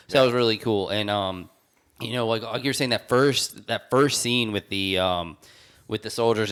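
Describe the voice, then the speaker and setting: A man's voice: on the low side, fairly bright tone, clean tone. A man co-hosting a podcast, chatting casually and rambling with many restarts. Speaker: podcast co-host. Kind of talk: casual chat.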